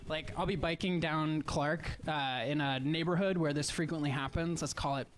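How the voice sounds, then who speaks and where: A man with a Midwestern American accent doing a stand-up comedy set, telling stories in a chatty, wry way with quick asides. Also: a little high, steady tone, a little hiss or hum. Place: live comedy stage.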